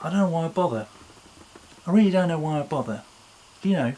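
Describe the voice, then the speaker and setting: A man's voice: fairly high pitch, expressive, fast talker, warm tone. A man presenting a playful children's talk in an online church service, upbeat and joking as he banters with a silent puppet. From England.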